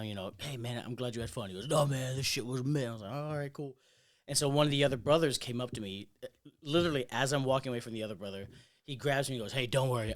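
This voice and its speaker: A man co-hosting a podcast, telling a story in casual chat and acting out what people said with loud, swearing bursts. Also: mid-range voice. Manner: animated, acts out quotes with loud swearing bursts. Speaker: podcast co-host.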